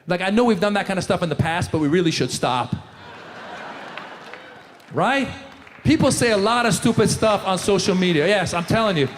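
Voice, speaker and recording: A man doing a stand-up comedy set, animated, slipping into loud impressions of the people in his jokes. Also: sits high, moderate pace, long pauses, some chatter behind, slight background noise. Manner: animated, jumps into shouted impressions. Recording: live show in a large hall.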